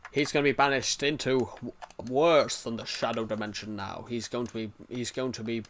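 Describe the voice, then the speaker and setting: A man's voice: medium pitch, fairly even intonation, moderate pace, a bit bright, a little hiss or hum. A man streaming live, chatting casually, reacting to chat and rambling through restarted sentences.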